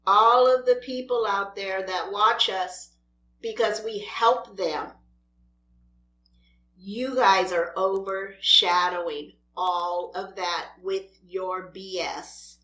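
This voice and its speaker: Exasperated woman ranting, slow and roomy. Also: medium pitch, fairly even intonation, sharp tone. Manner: exasperated, scolding. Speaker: mukbang vlogger. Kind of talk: ranting vlog while eating.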